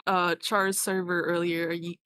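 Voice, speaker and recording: A woman's voice: on the low side, little pitch movement, unhurried, a bit bright, clear, resonant tone, no room sound. A woman guest chatting casually on a stream, with playful, dry jokey asides. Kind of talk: casual chat.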